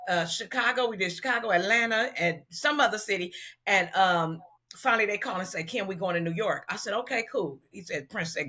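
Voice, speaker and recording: A middle-aged woman from Los Angeles, a hairstylist telling an animated, slangy story in an interview and acting out the dialogue. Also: medium pitch. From South Central Los Angeles, US. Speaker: celebrity hairstylist, guest.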